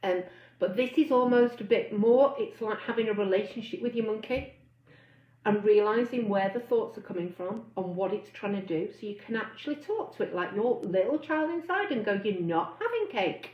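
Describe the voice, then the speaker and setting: A woman's voice: medium pitch, moderate pace. Woman coach chatting live online, reads comments, acts out voices, echoey and a bit muffled. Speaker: weight-loss coach. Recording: roomy, slightly dull sound.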